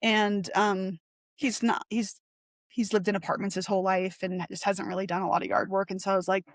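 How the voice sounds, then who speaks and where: A young woman talks candidly as an interview guest, her sentences full of fillers and restarts. She switches into little voices when she quotes people. Her mid-pitched voice sounds dry and close, with no room around it. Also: a little fast, dry recording. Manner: rambling, heavy use of 'like', animated retelling; acts out quoted voices with sharp pitch jumps. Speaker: podcast guest.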